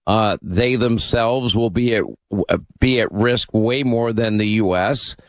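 A man's voice: on the low side, unhurried, no echo. Emphatic talk radio host, man. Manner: emphatic, opinionated, frequent fillers.

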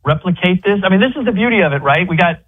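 A guest basketball analyst, a man, talks in loose, halting runs and restarts his sentences again and again. His voice sits a bit high and comes through a dull, lo-fi remote line. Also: lively intonation, slightly rough. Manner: rambling with many restarts. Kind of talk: casual sports chat by phone.

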